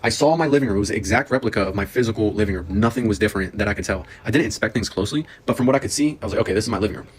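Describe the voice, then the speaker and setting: A young man telling a personal story in a casual, excited, rambling way, full of fillers and restarts. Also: lowish voice, very fast, hardly any pauses, husky.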